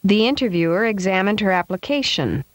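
A woman reading short example sentences slowly and with careful, exaggerated intonation. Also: mid-range voice, animated, no room sound. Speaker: model speaker for drills. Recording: dry studio voice-over.

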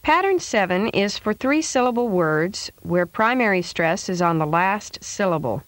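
A woman recording a scripted pronunciation lesson, reading word drills slowly and deliberately with clear stress. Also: medium pitch, expressive, no echo. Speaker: pronunciation instructor.

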